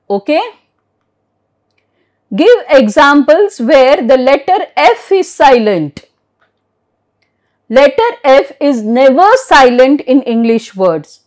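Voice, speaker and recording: A woman's voice: high-pitched, a little mellow. A woman from India teaching an online English lesson, spelling words letter by letter and often checking in with "okay?".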